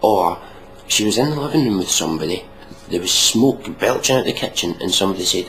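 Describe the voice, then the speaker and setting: A man's voice: sits low, expressive, fairly quick, a bit bright, slight background noise, poor audio. A man giving mocking, sweary reaction commentary on a video, ranting sarcastically.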